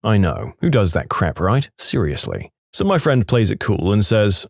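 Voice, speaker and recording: Low-voiced man reading funny stories, lively. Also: moderate pace, vocal fry, few pauses, dry recording, clean studio sound. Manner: lively storytelling, acts out quotes, wry asides. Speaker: storytime narrator.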